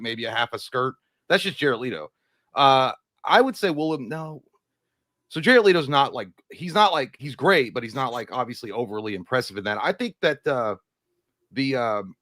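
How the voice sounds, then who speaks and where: A man's voice: medium pitch, a bit bright, no room sound. A man co-hosting a casual movie chat, joking and crude in loose banter. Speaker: co-host.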